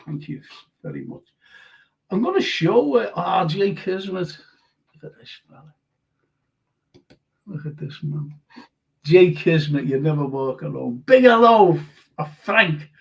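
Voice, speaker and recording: A chatty older man with a broad Liverpool accent, reading comments aloud and rambling on during a live stream. His voice sits a little high and has a gravelly edge. The audio is dull and lo-fi. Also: measured pace, long pauses, darkish tone. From Liverpool, England. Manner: chatty and rambling, reads out comments, laughs easily. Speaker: host of online history and chat show.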